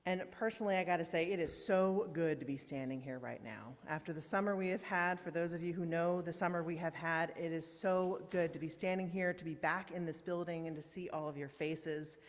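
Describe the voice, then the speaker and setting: A woman's voice: on the low side, a little fast, hardly any pauses. A woman minister welcoming her congregation in an informal, friendly way, with fillers and the odd slip. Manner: warm, informal, with fillers and slips. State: emotional, holding back tears. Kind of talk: welcome and announcements in a church service. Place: large church meetinghouse. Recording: long church reverb.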